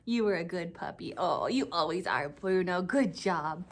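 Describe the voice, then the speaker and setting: A woman's voice: lowish voice, expressive, normal speed. A woman teaching a children's church lesson, speaking in a sing-song, exclaiming way as she chats with a dog puppet.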